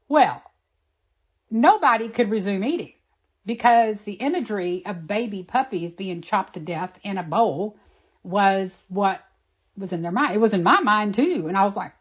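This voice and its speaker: Woman interviewee, lively emphatic storyteller, somewhat high voice, dull lo-fi recording. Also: measured pace. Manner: animated, emphatic, acts out quoted voices. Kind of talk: personal storytelling.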